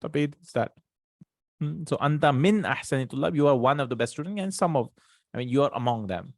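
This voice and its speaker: A man's voice: mid-range voice, animated, fairly quick, no room sound, clean studio sound. A man teaching an Arabic grammar lesson in English, patiently repeating terms with frequent thinking hums.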